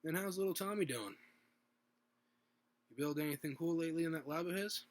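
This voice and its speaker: Laid-back male buddy, casual and friendly, fairly high voice, read by a man. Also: fairly quick, no echo, lightly acted.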